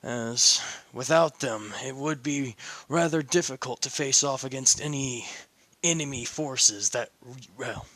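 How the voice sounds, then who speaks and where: A man narrates a homemade story in a casual, meandering way. He talks slowly, with a bright, slightly raised voice. The sound is dry and close. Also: medium pitch, no room sound. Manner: meandering, self-correcting, chuckling asides. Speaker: fan-fiction storyteller.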